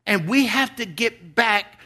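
A man's voice: sits high, expressive, slow. A man preaching a sermon as a guest pastor, earnest and emphatic, often repeating words as he builds a point. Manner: earnest and emphatic, dropping to a soft voice for quotes.

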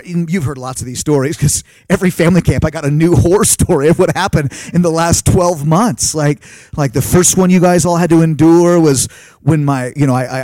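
A man in his thirties, a pastor preaching a lively sermon full of stories and quoted dialogue. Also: on the high side, dry recording. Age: 30s. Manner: animated storytelling with laughs and acted quotes. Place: live talk at a family camp.

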